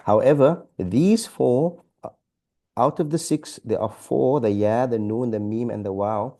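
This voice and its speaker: A man's voice: mid-range voice, a little slow, mellow. A man teaching a beginners' Arabic reading lesson, patient and repetitive, checking in with "okay?" and often stumbling and restarting phrases. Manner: patient, repeats examples, frequent "okay?" checks. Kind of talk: relaxed classroom-style lesson.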